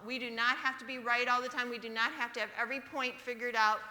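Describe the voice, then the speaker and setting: A bright, clear-toned woman delivers a sermon and slows down to read verses aloud. The livestream picks her up in a church hall with a long, roomy echo. She keeps checking that the congregation follows along. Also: fairly high pitch, steady tone. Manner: storytelling, calls for congregation response, reads verses aloud slowly. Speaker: speaker at a church service. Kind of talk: sermon with a personal story. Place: church sanctuary.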